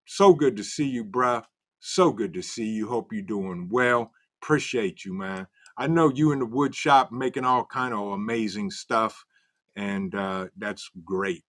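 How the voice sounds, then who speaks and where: A man's voice: on the low side, sharp tone. A man hosting a casual livestream, greeting viewers from the chat by name in a loose, way. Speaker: livestream host.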